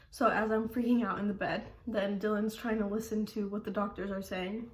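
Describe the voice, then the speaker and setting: A woman's voice: medium pitch, fairly even intonation, a little fast. A young woman vlogging at home, telling a story casually in a rambling way, full of "like" and laughing often. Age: young adult. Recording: echoey room.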